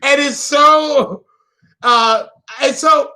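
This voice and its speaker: In a casual vlog monologue, a man plays an astrologer with theatrical, emotional flair. His volume lurches between loud outbursts and quiet murmurs, and he stretches his words out.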